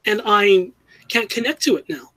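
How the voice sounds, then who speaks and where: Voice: mid-range voice, lively intonation, moderate pace, pushed and bright, dry recording, rough recording. A fan commentator giving an earnest, critical opinion, often restarting and correcting themselves mid-sentence.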